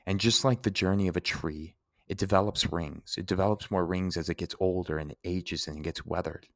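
A young man with a deep voice and fairly even intonation speaks briskly as he hosts a reflective Q&A. He responds to personal listener questions earnestly and from the heart, explaining the origins of words.

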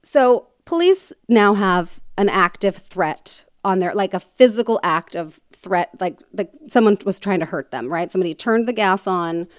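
A woman's voice: mid-range voice, lively intonation, moderate pace, hardly any pauses, clean tone, dry recording, studio quality. A woman hosting a podcast, casually retelling a true crime story with lots of fillers and joking asides. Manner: chatty, many fillers like "um" and "like", jokey asides.

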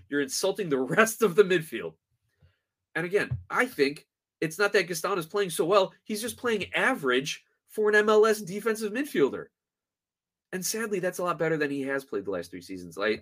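A man's voice: high voice, lively intonation, brisk, fairly bright tone. A man hosting a sports podcast, ranting in a frustrated, sarcastic and emphatic way. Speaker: podcast host.

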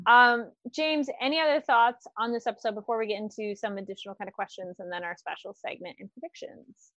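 A woman co-hosting a podcast, recapping an episode with animated, exclamatory reactions. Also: on the high side, a little fast, no echo. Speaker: podcast co-host. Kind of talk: casual recap chat. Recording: dull, dry lo-fi mic.

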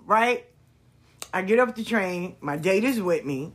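Husky, animated woman podcast host. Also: medium pitch. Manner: expressive, swings from hushed to loud, drawn-out emphasis. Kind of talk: casual storytelling monologue.

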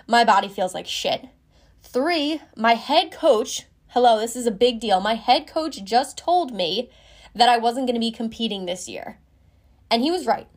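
A woman in her twenties frankly telling a personal story as a podcast host, casual and swearing freely. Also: medium pitch.

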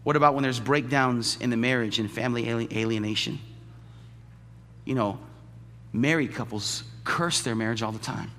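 A male pastor preaching a sermon. He swings from loud, high outbursts to hushed, low storytelling. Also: moderate pace, a little hiss or hum. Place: church sanctuary. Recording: long church-hall reverb.

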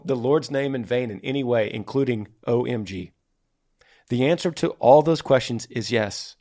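A man's voice: medium pitch, creaky. A man co-hosting a casual podcast, answering a listener's question in an emphatic, preachy way. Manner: emphatic and preachy, rising to forceful conviction. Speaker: podcast co-host. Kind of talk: casual faith advice chat.

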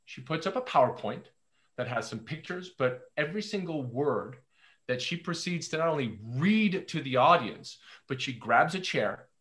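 A man's voice: on the high side, expressive, moderate pace, a bit bright. A man sharing workplace anecdotes on a podcast, often repeating words as he starts sentences. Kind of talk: casual podcast chat.

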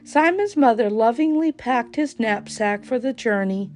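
A woman reading a children's storybook aloud in a slow, expressive way. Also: a little high, soft background music.

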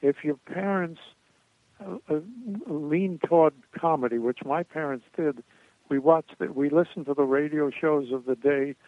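An older man telling comedy stories as a guest in a radio interview, rambling with many pauses and restarts. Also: fairly high pitch, dry recording. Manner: rambling anecdotes with frequent uh and restarts. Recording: tinny dry phone line.

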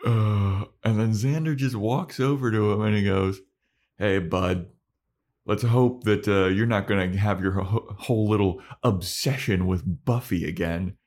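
A young man co-hosting a podcast, chatting casually and animatedly acting out characters' lines as he recaps an episode. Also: on the low side. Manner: animated, acts out characters' lines in quick voices. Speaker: podcast co-host. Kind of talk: casual chat recapping a show.

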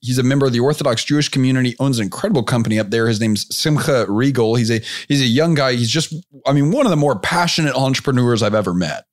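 A man's voice: mid-range voice, fast, hardly any pauses, no echo, clean studio sound. A man hosting a podcast interview in a casual chat, talkative and upbeat, laughing often. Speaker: podcast host.

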